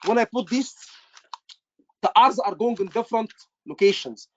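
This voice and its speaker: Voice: mid-range voice, expressive, normal speed, highs cut off, a little hiss or hum. Repetitive instructor quizzing a live class. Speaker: medical exam instructor.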